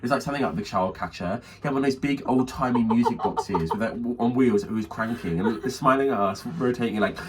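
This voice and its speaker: Male podcast co-host, rapid animated storyteller, light hiss behind. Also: mid-range voice, distant mic. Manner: animated storyteller, quoting friends in shifting voices, swearing freely. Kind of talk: casual storytelling chat.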